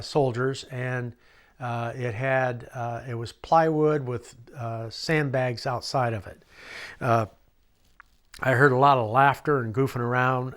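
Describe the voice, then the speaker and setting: An older man recounts his memories in a documentary interview, voice neither high nor low. He rambles a little, chuckles often and acts out the people in his stories, and at times his voice sounds quieter, as if farther from the mic. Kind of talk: storytelling anecdotes.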